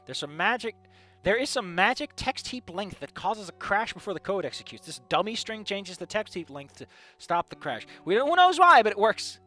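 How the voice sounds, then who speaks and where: A young man reading fan fiction aloud and ranting about it, with animated, sweary, exasperated outbursts. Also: high voice, moderate pace, faint music behind.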